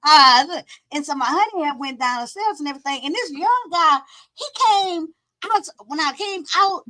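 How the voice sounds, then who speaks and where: Woman host, very high voice, animated and teasing storytelling chat. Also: normal speed, low-quality recording. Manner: animated, teasing, quotes people in lowered voice. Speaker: channel host.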